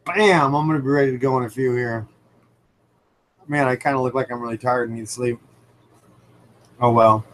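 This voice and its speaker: A man's voice: mid-range voice, moderate pace, long pauses, poor audio. Rambling man hosting a home livestream. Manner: animated storyteller, rambling with many fillers. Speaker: livestream host. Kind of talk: casual live chat and anecdote. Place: indoors at home by a fish tank. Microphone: computer microphone.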